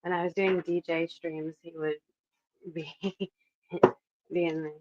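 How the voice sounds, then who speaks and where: Hosting a casual livestream from her home kitchen, a woman in her thirties rambles and reads the chat aloud. Her fairly low voice is flat and unhurried, picked up by a phone mic in a muffled recording with background noise.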